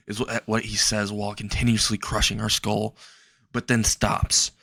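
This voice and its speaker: Low gravelly man telling a story. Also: completely flat delivery, pushed and bright, no echo. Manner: slow, halting, with restarts. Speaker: fan fiction storyteller. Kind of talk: improvised story narration.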